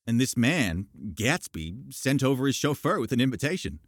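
A man's voice: mid-range voice, sing-song, moderate pace, no room sound, clean studio sound, voice pushed up. A man voicing a courteous young war veteran chatting at a party in an audiobook.

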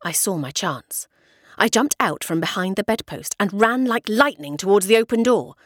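A woman narrating a storybook with expressive, dramatic delivery. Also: mid-range voice, moderate pace, slightly rough, no room sound, studio quality.

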